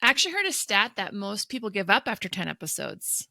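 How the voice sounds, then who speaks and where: A woman in her thirties hosting a podcast, chatting and telling stories in a lively, animated way on a close mic. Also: mid-range voice, fast, vocal fry, no echo. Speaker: podcast host. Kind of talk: casual podcast chat.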